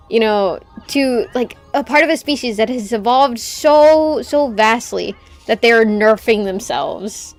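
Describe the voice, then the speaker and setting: Ranting high-voiced woman streamer. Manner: ranting, swearing, laughing. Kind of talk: casual chat while gaming.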